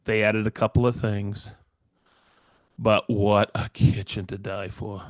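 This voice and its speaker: In a dry, clean studio recording, a middle-aged woodworker co-hosting a casual podcast speaks unhurriedly in a fairly low voice. He's an animated storyteller, acting out the characters' quoted lines with big jumps in his voice.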